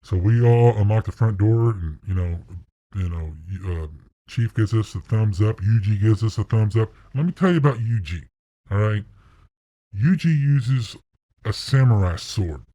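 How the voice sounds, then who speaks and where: A man casually telling a first-person story, animated and profane, acting out sounds. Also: lowish voice, no echo.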